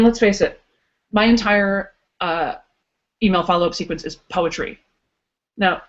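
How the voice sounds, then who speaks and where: A woman's voice: fairly low pitch, muffled recording. A woman coach hosting a live online workshop, chatty and playful, with lots of "um" and "like", in casual encouraging webinar Q&A. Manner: chatty, playful, says "um" and "like" often.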